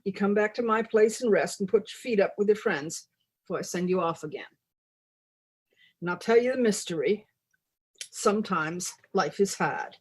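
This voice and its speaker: Woman reading a folksy New goddess, blunt and teasing, mid-pitched. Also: darkish tone, slightly rough, natural voice, low-quality recording. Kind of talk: reading a humorous parody text aloud.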